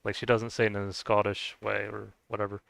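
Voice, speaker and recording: A man's voice: lowish voice, level tone, brisk, creaky, a bit bright, no echo, poor audio. A man streaming a game, chatting casually to viewers and rambling with many restarts. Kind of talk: casual chat while gaming.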